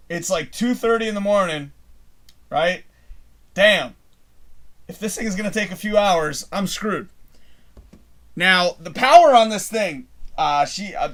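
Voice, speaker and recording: A middle-aged Canadian man hosts a live show, spinning a long, rambling story in a casual, animated way and swearing freely. His voice is high, his speed normal, and he pauses often.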